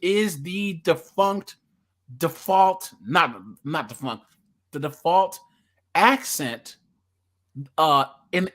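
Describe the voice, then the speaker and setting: A young man with a West Coast Californian accent holds forth in casual podcast chat. His voice sits a little high and rings bright. He rambles, restarting sentences and stacking repeated words as he goes. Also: very slow, pauses often. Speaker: podcast co-host.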